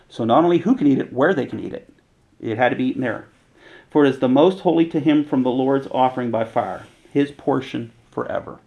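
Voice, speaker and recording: A man teaching from the Bible in a relaxed, conversational way, reading passages aloud and paraphrasing them in everyday slang. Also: medium pitch, brisk, gravelly, lo-fi sound. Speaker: preacher.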